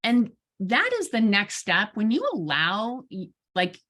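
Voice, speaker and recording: Woman therapist, casual talk to a group, very expressive pitch, acts out dialogue, self-deprecating humor. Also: measured pace. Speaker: therapist and guest speaker. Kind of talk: informal presentation to an online audience.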